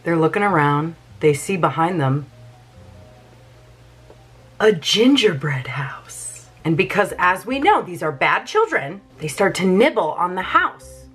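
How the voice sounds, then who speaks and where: Playful animated woman retelling a story. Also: lowish voice, a little slow, slightly rough, soft background music. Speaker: opera presenter. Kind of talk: casual plot retelling.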